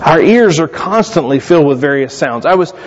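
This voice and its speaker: A man preaching a sermon in a church, his voice a little higher than most men's. He tells stories with sudden animated rises and keeps a steady preaching rhythm. The sound is dull and lo-fi, with a long reverb from the hall. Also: a little fast. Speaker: pastor.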